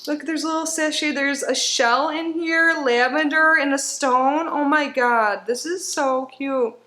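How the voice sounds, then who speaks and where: A middle-aged woman hosting a casual unboxing video, gushing and excitable, often gasping and laughing at each item from her desk at home. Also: high voice, measured pace. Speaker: YouTube unboxing channel host. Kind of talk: casual unboxing chat to camera. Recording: roomy home room with faint noise.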